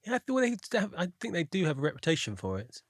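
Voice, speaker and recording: A man's voice: high voice, wildly swooping pitch, fast talker, no echo, clean studio sound. A man co-hosting a podcast, laid-back, often answering in short agreeing replies. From Britain. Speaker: podcast co-host. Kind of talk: casual podcast chat.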